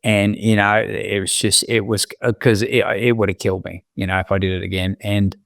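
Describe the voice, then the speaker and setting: An Australian man, a podcast guest, telling his personal story in a reflective, halting way with many restarts. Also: on the low side, level tone, vocal fry, a bit bright, dry recording, studio quality.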